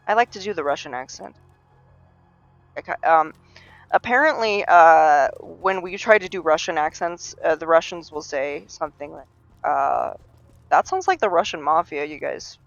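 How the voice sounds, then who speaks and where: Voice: medium pitch, creaky, fairly bright tone, no echo, muffled recording. Rambling chatty game streamer. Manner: rambling, chatty, many fillers and restarts, laughs at own jokes. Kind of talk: casual live-stream commentary.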